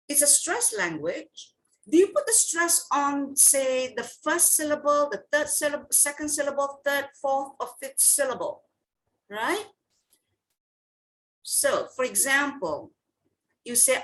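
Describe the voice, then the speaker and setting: Slow-paced woman teaching online. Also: sits high. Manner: slow, repeats words, checks in with "okay?" and "right?". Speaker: English teacher. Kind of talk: online class lesson. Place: video call.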